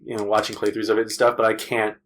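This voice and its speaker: A man's voice: lowish voice, quick pace. A man hosting a podcast, telling a profane story in casual chat and voicing the people in it. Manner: profane, animated retelling with voiced quotes. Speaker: podcast host.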